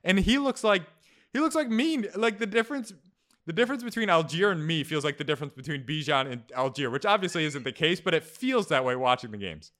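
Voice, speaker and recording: Bright, slightly high-voiced wry analyst. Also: male voice, expressive. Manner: wry, quick quips, data-minded. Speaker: fantasy football analyst. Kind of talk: casual sports chat.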